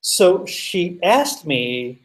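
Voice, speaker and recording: A man telling a story as a guest, animated, full of fillers and swearing. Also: high voice, drawn-out words, distant mic, rough recording. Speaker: podcast guest. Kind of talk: casual storytelling.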